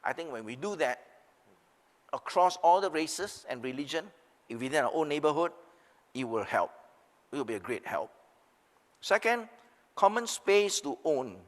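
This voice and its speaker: A man's voice: fairly high pitch, sing-song, unhurried, pauses often. Emphatic older man, reverby call. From Singapore. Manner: emphatic, rising and dropping for rhetorical questions. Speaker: seminar panelist. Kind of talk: impassioned panel speech. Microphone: video call.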